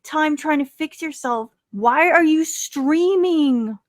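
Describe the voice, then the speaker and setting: A woman's voice: sits high, slow, dry recording, clean studio sound. A woman on a podcast panel, questioning in disbelief. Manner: incredulous, questioning. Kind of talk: casual commentary chat.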